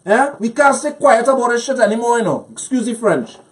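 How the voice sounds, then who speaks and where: A man's voice: extremely high pitch, expressive, a little fast. A man with a Trinidadian accent, a guest on a political talk show, speaking angrily and emphatically and repeating phrases to drive his points home.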